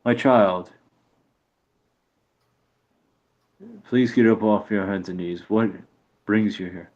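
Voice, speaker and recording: A man voicing a grave, ancient male druid who speaks slowly and portentously. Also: on the low side, darkish tone, dull audio, lightly acted. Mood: gentle.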